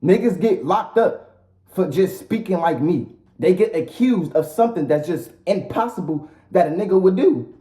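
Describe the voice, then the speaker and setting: A man's voice: sits high, lively intonation, moderate pace, dark tone. A man ranting casually as a vlogger, blunt and profane, with lots of repetition. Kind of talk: casual rant to the camera. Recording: roomy echo.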